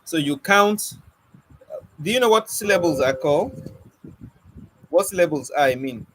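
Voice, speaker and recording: A man's voice: a little high, expressive, measured pace, fairly bright tone, a little hiss or hum, low-quality recording. A young man teaching an online poetry lesson, coaxing and questioning his students with light teasing. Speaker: poetry mentor.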